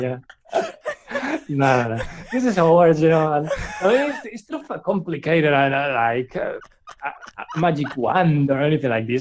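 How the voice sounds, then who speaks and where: A man's voice: a little high, lively intonation, measured pace, noisy background. Giggly young man reading fan fiction. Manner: giggly, breaks into laughter often. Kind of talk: comedic dramatic reading with commentary.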